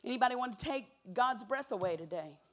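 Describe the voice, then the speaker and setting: A woman's voice: a little high, expressive, quick pace. Impassioned woman preacher, whispers to cries. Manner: swings from hushed whispers to loud emphatic cries; repeats key words for emphasis. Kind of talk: sermon.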